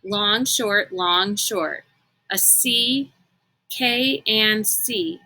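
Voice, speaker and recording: A woman reading a novel aloud in an unhurried, expressive storytelling manner. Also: medium pitch, rough recording. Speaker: reader.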